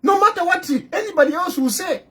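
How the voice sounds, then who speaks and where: A middle-aged man with a Zambian accent delivers a heated, scolding address. His voice sits high and swings widely in pitch. He presses home his points with repeated rhetorical questions. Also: animated, fairly quick, a bit bright. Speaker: political commentator. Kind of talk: impassioned direct-to-camera address.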